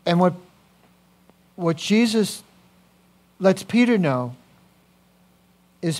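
A man preaching a sermon as a pastor, animated, swinging from quiet to loud with personal asides. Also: high voice, extremely slow, pauses often.

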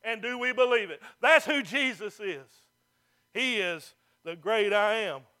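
A man's voice: high voice, unhurried, pushed and bright. A male pastor, preaching a folksy, fervent sermon to a church.

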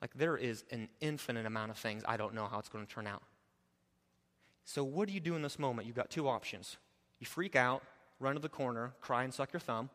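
A man preaching a sermon as pastor, animated and swinging between hushed and loud. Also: medium pitch, fairly quick, big-room sound.

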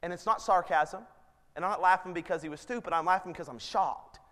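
A man in his thirties delivers a sermon, his high voice earnest and then pressing hard on each appeal. The sound carries a long hall reverb around him, as in a church sanctuary. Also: brisk, a bit bright. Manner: earnest, rising to emphatic appeals. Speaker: pastor.

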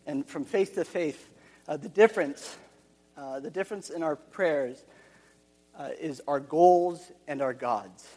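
A man's voice: on the high side, unhurried, darkish tone, long reverb tail. A man preaching a sermon, earnest and repeating his key phrases, with frequent restarts.

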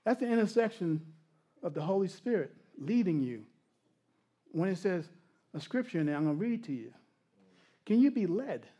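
High-voiced middle-aged male preacher. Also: normal speed, long pauses, breathy edge. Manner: animated storytelling that drops to hushed, intimate tones; laughs often while telling stories. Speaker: pastor. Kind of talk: sermon.

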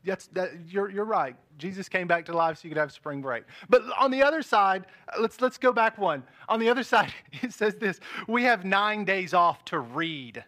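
Pastor, male, 30s, high bright voice, playful sermon delivery to a big congregation. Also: brisk, few pauses. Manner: lively, joking, talks to the congregation. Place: large church hall with balcony.

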